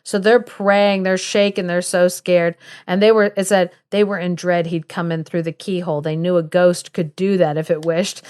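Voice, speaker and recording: A woman hosting a podcast, retelling a ghost tale in a casual, lively way. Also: fairly low pitch, moderate pace, few pauses, clean tone. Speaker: podcast host. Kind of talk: casual storytelling.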